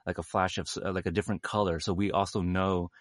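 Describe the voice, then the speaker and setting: A man in a casual film discussion, talking haltingly with many fillers and restarts. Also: sits low, little pitch movement, no echo, studio quality.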